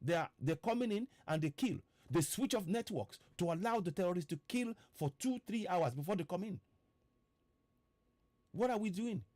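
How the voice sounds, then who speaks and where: A man with a Nigerian accent delivers a fiery broadcast in a fairly high voice, hammering the same questions over and over and stumbling into restarts. The sound is close and dry, with no room around it. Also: lively intonation, normal speed, mellow, dry recording. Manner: fiery, repeats rhetorical questions, stammering restarts. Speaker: political activist host. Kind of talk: impassioned online broadcast.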